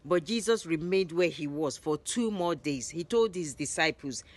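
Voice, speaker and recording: A woman narrating Bible stories in a lively retelling, raising her voice for the quoted lines. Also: low-pitched, normal speed. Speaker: Bible storyteller.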